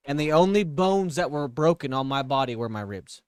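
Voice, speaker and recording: A man's voice: on the high side, lively intonation, brisk, slight background noise. A man casually recounting a hospital stay on a podcast, blunt and profane. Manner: blunt, profane, laughs along. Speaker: podcast co-host. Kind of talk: casual chat.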